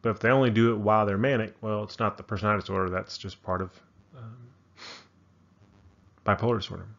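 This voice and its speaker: A man's voice: lowish voice, steady tone, fast, vocal fry, fairly bright tone, dull audio. A man giving a casual narrated psychology lecture, thinking aloud with frequent ums and restarts. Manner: casual, many fillers and restarts.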